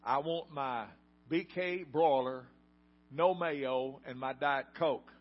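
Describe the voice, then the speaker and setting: A man's voice: mid-range voice, slow. Preacher putting on a demanding woman customer. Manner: insistent, loud, spelling out each word. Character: impatient demanding woman fast-food customer. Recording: dull lo-fi sound.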